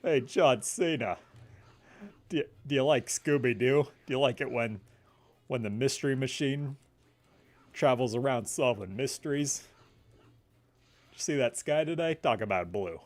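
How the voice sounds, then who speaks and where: A man doing an impression of a deadpan, deep-voiced, oblivious grown man, talking slowly. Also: lightly acted. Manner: slow, deadpan.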